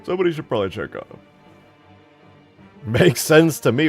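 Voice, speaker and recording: A man's voice: fairly high pitch, sing-song, normal speed, gravelly, darkish tone, husky, faint music behind. A young man casually streaming while modding a game map, rambling and swearing in slangy talk.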